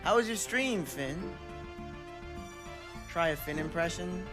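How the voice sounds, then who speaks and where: A man's voice: fairly high pitch, animated, slow pace. A man streaming, chatting casually with viewers, joking crudely and reading chat aloud. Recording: background music under voice. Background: game music.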